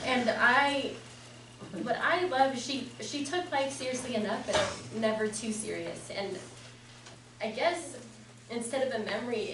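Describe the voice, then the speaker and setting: A woman sharing memories at a memorial service, speaking haltingly with fillers and laughs. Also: a little high. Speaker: family member giving a eulogy. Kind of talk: personal memorial speech. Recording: echoey, distant and noisy.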